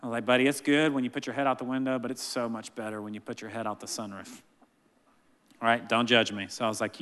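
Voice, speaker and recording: A man in his thirties preaching a sermon, telling family stories with animated delivery and acting out voices. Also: mid-range voice, fast talker. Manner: animated storytelling, acts out family members' voices. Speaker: pastor. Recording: long hall reverb.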